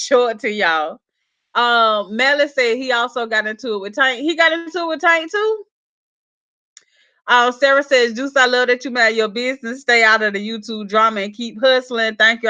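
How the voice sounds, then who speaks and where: A South Carolina woman with a fairly high, bright, forceful voice runs a YouTube gossip live stream. She chats casually, reading viewers' comments aloud and laughing along with them.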